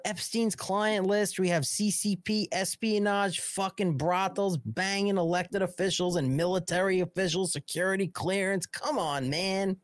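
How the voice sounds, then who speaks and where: A man's voice: high voice, steady tone, a little slow, few pauses, no room sound, clean studio sound. A man hosting a live political talk show, reading news aloud and riffing on it in a crude, mocking, sarcastic rant. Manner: reads news aloud, then riffs on it. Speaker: host.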